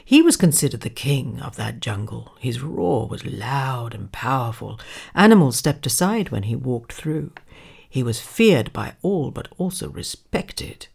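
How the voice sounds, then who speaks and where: A woman reads a children's fable slowly, her low voice rising and falling in a very lively way. She tells it with drama and drops to a hush at times. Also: creaky, breathy edge. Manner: expressive, dramatic, sometimes hushed. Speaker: storyteller. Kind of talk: children's story narration.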